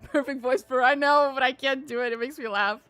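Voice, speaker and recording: Chatty, joking woman streamer, fairly high. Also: fairly quick, a bit bright, faint music behind. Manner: chatty, joking, laughs often. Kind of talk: casual livestream commentary.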